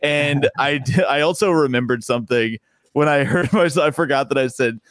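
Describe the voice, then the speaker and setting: A man's voice: mid-range voice, fairly quick, dry recording. A man, a stand-up comedian, chatting casually in a podcast interview, rambling and restarting his sentences and laughing often.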